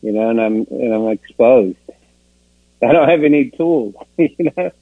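A man's voice: mid-range voice, lively intonation, a little slow, breathy edge, dry recording. Rambling, self-mocking man on a tinny line. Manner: rambling, self-deprecating, laughs often, many "you know"s. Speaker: speaker sharing at a recovery meeting. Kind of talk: personal recovery testimony. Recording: tinny phone-like dry sound.

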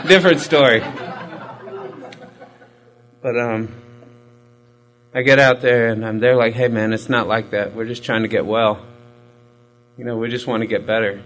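A man with a mid-range, fairly bright voice gives a candid, profane personal testimony, rambling and mocking himself with plenty of fillers, on a rough recording. He tells recovery stories and comes from a Hispanic military family.

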